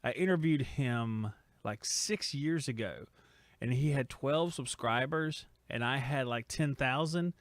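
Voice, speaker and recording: Speaking a little slowly in a mid-range voice, a man hosts a relaxed stream from his home studio. He reads out viewers' comments and jokingly ribs them as he rambles, with no room sound on the recording.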